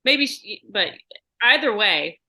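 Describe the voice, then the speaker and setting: A woman's voice: medium pitch, lively intonation, slow pace, bright, forceful tone. A woman hosting a podcast in a casual chat, bubbly and laughing, with rambling restarts. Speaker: podcast host.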